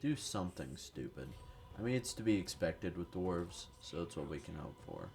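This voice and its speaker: This low-pitched, slightly mellow voice has vocal fry and is very animated, moving at a moderate pace. It belongs to a gaming YouTuber who is sick with a cold, giving rambling, profane, self-deprecating commentary over strategy gameplay.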